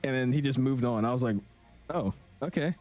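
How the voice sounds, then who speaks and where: A man's voice: medium pitch, fairly quick, darkish tone, faint music behind. A young man chatting casually with viewers on a live stream, slangy and talkative. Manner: chatty, slangy, reads chat aloud. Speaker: flight sim streamer.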